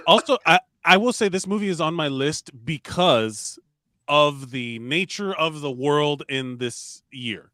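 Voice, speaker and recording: Bright enthusiastic podcast man. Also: fairly high pitch, animated, measured pace, dry recording, clean studio sound. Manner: enthusiastic, storytelling, swears freely. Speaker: podcast co-host. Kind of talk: casual chat.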